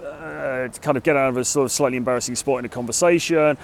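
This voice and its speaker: A British man at a middling pitch talks casually to the camera from a city street, with faint traffic behind him. His delivery is loose and conversational, full of "sort of" and "kind of". He hedges his way toward his points. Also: fairly even intonation, fast talker. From Britain. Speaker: dating coach vlogger. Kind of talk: casual advice talk to camera. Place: outdoors in a city.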